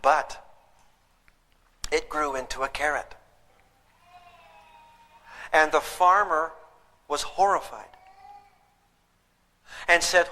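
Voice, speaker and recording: A man's voice: fairly high pitch, slow, long pauses, pushed and bright. A man giving a humorous live parenting seminar, questioning his audience directly. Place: lecture hall with audience. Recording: long hall reverb.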